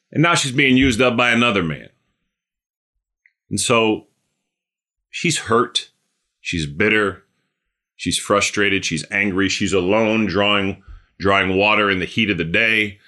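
Guy preaching a sermon, low-ish voice but bright and forceful, chatty, repeats himself a lot. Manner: conversational, repeats phrases, fills pauses with "um".

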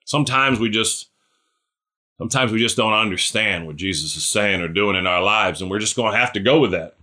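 Bright-voiced man preaching casually. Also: lowish voice, brisk. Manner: chatty, asks listeners questions by name; animated, acts out scripture characters. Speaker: pastor. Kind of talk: conversational sermon.

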